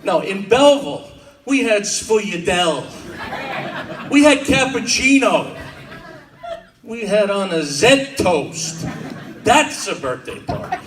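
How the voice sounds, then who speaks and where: Wisecracking New comic on a club stage. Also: male voice, sits high, big pitch swings, slow, long pauses, noisy background. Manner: wisecracking storyteller, mock-tough Italian-American bits. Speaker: stand-up comedian. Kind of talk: stand-up comedy set. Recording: roomy club audio from a distance. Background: audience laughter and club ambience.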